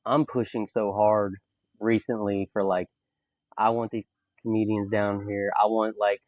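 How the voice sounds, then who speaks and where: A young man from Mississippi with a Southern accent, hosting a casual podcast chat and talking in an animated, emphatic way with lots of "like" fillers. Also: fairly low pitch, a little slow, no echo. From Mississippi, USA. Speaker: podcast host. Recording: dull, dry podcast audio.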